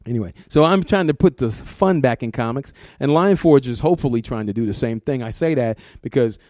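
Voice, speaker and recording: A man's voice: medium pitch, lively intonation, brisk, a little mellow, no echo. A middle-aged man, a comics art director, talking casually in an interview, rambling and repeating words, laughing often.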